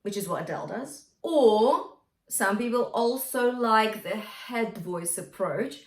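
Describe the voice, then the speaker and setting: A woman with a fairly high, expressive voice speaks slowly while giving a singing lesson as a vocal coach. She keeps checking in with "yeah?" and sings short lines to demonstrate. The recording sounds roomy and distant.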